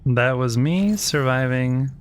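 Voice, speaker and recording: A man's voice: mid-range voice, animated, slow pace, slight background noise. A man livestreaming a game, casually chatting with his viewers and teasingly talking to the creatures he meets.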